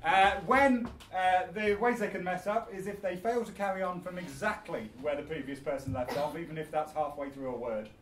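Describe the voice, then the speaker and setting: A man's voice: high voice, moderate pace, hardly any pauses, slight background noise. A man hosting a live improv comedy show, chatting with the audience and laughing between explanations. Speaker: host. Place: theatre stage with live audience. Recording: echoey room, far from the mic, loud crowd. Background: audience laughter and shouts.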